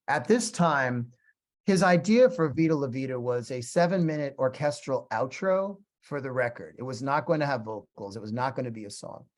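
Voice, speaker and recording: Chatty middle-aged man telling stories. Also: medium pitch. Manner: animated, chatty, acts out both sides of conversations. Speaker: guest musician teaching a class. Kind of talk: casual storytelling lecture.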